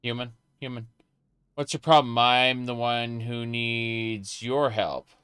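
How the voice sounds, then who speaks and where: A relaxed man comments on his game over a headset and reads his dialogue choices aloud. His voice is bright and smooth. The recording is dry and close. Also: mid-range voice, slow pace, dry recording. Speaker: gamer playing and commenting. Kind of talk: casual let's-play commentary.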